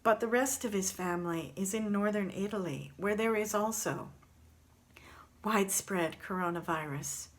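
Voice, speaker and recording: A woman's voice: medium pitch, normal speed, hardly any pauses. A woman talking earnestly and reflectively straight to her viewers in a gratitude vlog, recorded on her phone camera. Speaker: vlogger.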